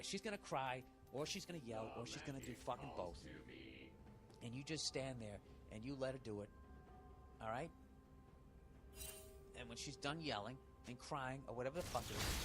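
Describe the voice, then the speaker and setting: Foul-mouthed man ranting blunt advice. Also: medium pitch. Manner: blunt, sarcastic, heavy swearing. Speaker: advice show host. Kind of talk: profane comic advice rant.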